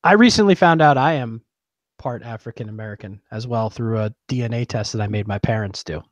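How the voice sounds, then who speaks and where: Co-host: male, even mid voice, laid-back storyteller with gentle gripes, dry close mic. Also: medium pitch, fairly quick, no room sound, dull audio. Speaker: podcast co-host. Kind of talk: casual sports chat.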